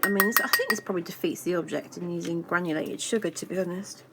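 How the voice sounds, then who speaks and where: A woman's voice: lowish voice, fast talker, fairly bright tone, slight background noise, poor audio. A chatty woman, baking in her home kitchen and talking playfully as she goes, tossing in silly made-up words. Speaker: baking vlogger. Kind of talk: casual chat while baking.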